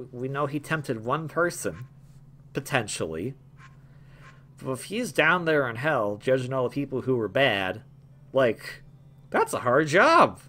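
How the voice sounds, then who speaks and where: A young man hosts a gameplay video, delivering casual commentary in a bright, forceful, mid-range voice. He rambles jokingly, stammering and restarting a lot.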